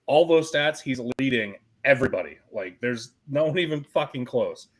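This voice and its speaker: A man's voice: medium pitch, animated, normal speed. A man co-hosting a sports podcast, ranting emphatically and swearing freely. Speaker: podcast co-host. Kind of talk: casual sports chat.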